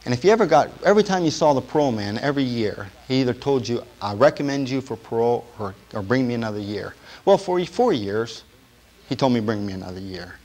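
A man giving a sermon testimony to a congregation, telling his story in a storytelling way that drops to a hush and then rises to emphasis. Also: mid-range voice, big pitch swings, fast. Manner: storytelling, swinging from hushed to emphatic.

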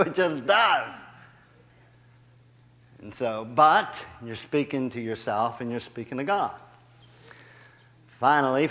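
A man preaching in a church sanctuary, his fairly high voice carrying into a long reverb. He is animated, rising in volume as he gets going and laughing at himself. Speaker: guest preacher. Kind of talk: sermon.

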